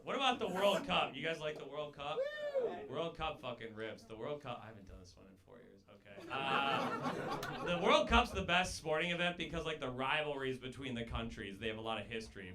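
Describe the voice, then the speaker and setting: A man performing a stand-up comedy set in a comedy club, deadpan and sardonic, teasing the audience. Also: mid-range voice. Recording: live club with loud crowd laughter. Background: audience laughter.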